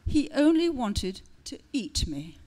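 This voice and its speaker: A heartbroken young mermaid speaks glumly through her pout, voiced by a woman reading her own story. She sounds sulky and close to tears. The voice stays soft and low. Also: big pitch swings, takes it slowly, background noise, exaggerated voice. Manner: glum, pouting, tearful.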